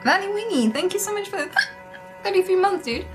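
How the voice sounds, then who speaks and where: A woman's voice: extremely high pitch, expressive, a little fast, faint music behind. A woman streamer reading memes aloud and reacting, laughing often and swearing freely.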